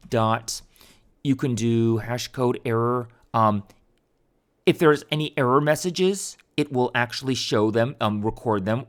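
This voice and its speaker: Man, coding tutor, casual, thinks aloud, ums and restarts, middle pitch. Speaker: programming tutor. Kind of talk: screen-recorded coding tutorial.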